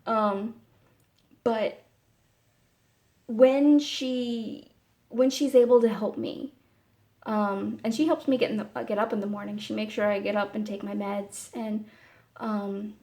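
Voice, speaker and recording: A woman talking casually to camera in a personal vlog, meandering and halting, with many fillers and restarts. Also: mid-range voice, fairly even intonation. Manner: soft and candid. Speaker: vlogger.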